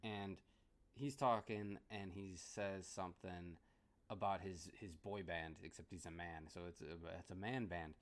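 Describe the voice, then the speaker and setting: A man's voice: sits low, fairly even intonation, a little slow. A man giving a casual movie review, rambling and laughing often as he restarts his sentences.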